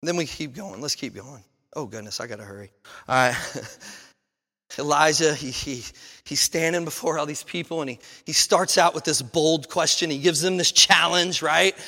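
A man preaching a sermon as pastor, emphatic and animated, firing off rhetorical questions and stumbling over repeated words. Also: on the high side, normal speed, big-room sound. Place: church sanctuary.

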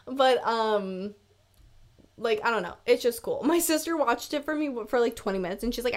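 A woman's voice: fairly high pitch, normal speed. A woman in her twenties hosting a casual solo podcast from her room, rambling and laughing, with "like" in almost every sentence. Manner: chatty, rambling, laughs a lot, says "like" constantly. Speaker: podcast host. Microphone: camera mic on her desk.

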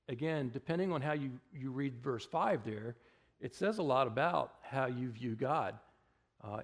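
A man preaching a conversational sermon in a church, relaxed and chatty, with wry asides and frequent fillers. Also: mid-range voice. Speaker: pastor.

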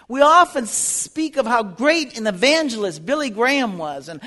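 High-voiced earnest male Bible teacher. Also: sharp tone. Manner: earnest, rising to fervent appeals. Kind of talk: sermon-style Bible lesson. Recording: long reverb of a hall.

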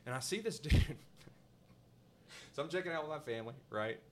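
A man's voice: on the high side, brisk, very noisy. A male podcast host telling a story in casual chat, laughing often and acting out the voices of the people in it. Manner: animated, laughing, acts out voices in his anecdotes.

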